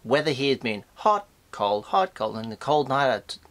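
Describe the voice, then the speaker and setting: An Australian man hosting a casual unboxing vlog, his voice nasal and stuffy from a flu, bursting into excited squeals. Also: normal speed. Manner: excitable, with sudden high squeals of delight. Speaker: host of a toy unboxing channel.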